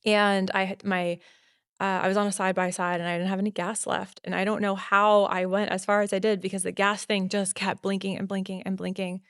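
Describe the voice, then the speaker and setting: A woman guest on a podcast telling a personal story in casual talk, animated and full of "like" fillers. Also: medium pitch, fairly quick, clean tone, no room sound, studio quality. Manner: animated, acts out quotes, many "like" fillers.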